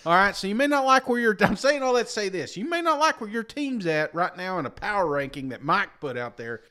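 A man's voice: high-pitched, expressive, a little fast, bright, forceful tone. Rambling tired man telling a story. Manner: rambling, self-deprecating, peppered with "you know what I'm saying". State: tired after a sleepless night. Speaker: podcast co-host. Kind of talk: casual storytelling chat.

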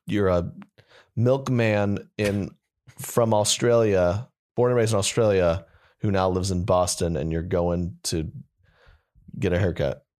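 A man's voice: deep voice, fairly even intonation, a little slow, darkish tone. A young man co-hosting a comedy podcast, chatting casually in a rambling, joking way full of fillers. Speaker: podcast co-host.

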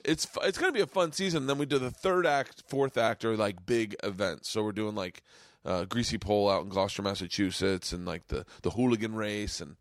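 A man hosting a podcast, telling a story with excitement, swearing often and acting out the people in it. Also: on the low side, brisk, no room sound, studio quality. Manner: excitable, swears a lot, acts out voices in stories. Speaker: podcast host. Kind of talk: casual chat, animated storytelling. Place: home man cave studio.

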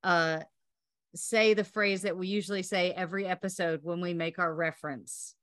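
A woman hosts a podcast in a bright, forceful voice, recorded close and dry. She is effusive and giggly in casual chat. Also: fairly low pitch, fairly even intonation, moderate pace, no room sound. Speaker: podcast host.

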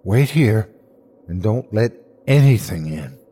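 A man's voice: fairly low pitch, expressive, takes it slowly, mellow, slightly rough, full character voice. A man voicing the frightened first-person hero of a horror story, speaking urgently and breathlessly.

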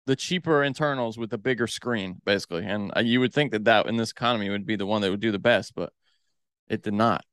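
Man, smooth clear voice, dry close sound, laid-back podcast co-host who delivers news bits. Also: fairly low pitch, quick pace, a bit bright, dry recording. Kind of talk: casual chat with news rundown.

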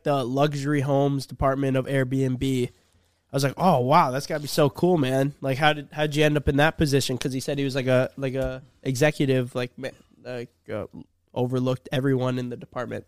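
A young man on a casual podcast, spinning a story with lively back-and-forth voices. His voice is smooth and resonant and sits at a middling pitch. The recording is dry and close. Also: brisk, no echo. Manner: animated storyteller, acts out both sides of a conversation. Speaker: podcast host.

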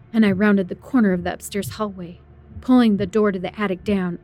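A woman's voice: medium pitch, darkish tone. A woman narrating a first-person horror story in a tense, dramatic way.

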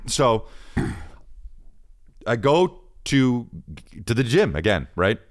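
A man's voice: medium pitch, very animated, very slow. A man, a comedian and podcast host, telling a rambling, self-mocking story in casual chat.

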